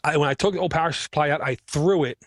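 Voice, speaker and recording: Male podcast co-host, tells lively repair-shop stories, fairly high voice, dry close mic. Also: quick pace, dry recording. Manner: animated storyteller, acts out customer dialogue. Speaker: computer repair business owner, podcast co-host. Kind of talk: casual podcast chat.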